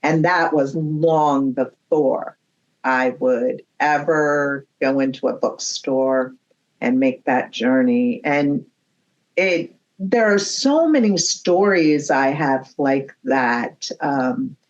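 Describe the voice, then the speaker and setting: A woman's voice: a bass voice, animated, slow pace, muffled recording. A woman, a guest medium, telling rambling, chatty stories in a podcast conversation with frequent laughs.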